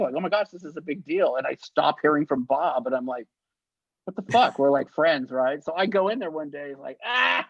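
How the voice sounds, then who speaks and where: A man telling show-business stories as an interview guest, in a lively way, acting out the voices he quotes. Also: fairly high pitch, no room sound. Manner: animated anecdotes, acts out quoted voices, laughs often. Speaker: guest, actor and effects artist. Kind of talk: casual storytelling interview. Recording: dull, lo-fi sound.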